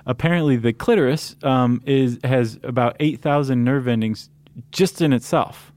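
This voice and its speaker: A man's voice: medium pitch, moderate pace, a little mellow, dry recording. Man co-hosting a loose chatty podcast. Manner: loose, joking, many fillers and restarts. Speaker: podcast co-host. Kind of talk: casual chat.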